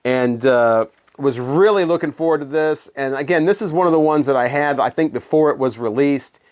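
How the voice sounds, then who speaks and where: A man's voice: on the high side, a little mellow. A middle-aged man, a former radio DJ, telling rambling stories in a casual monologue full of fillers and restarts. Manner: rambling, many fillers and restarts, quick laughs. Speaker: former radio DJ and video host.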